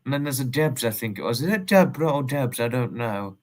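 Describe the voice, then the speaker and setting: A man's voice: medium pitch, animated, fairly quick. Rambling English man hosting a livestream. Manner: rambling, repeats himself, polite and formal phrasing. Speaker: livestream host. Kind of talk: casual livestream chat, greeting viewers and reading messages.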